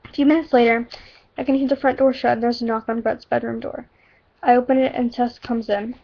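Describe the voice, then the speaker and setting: A woman's voice: a little high, level tone, fairly quick, vocal fry. A woman reading a story aloud, tossing in casual asides and fixing her own slips, on a dull lo-fi recording. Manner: casual asides and self-corrections. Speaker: reader.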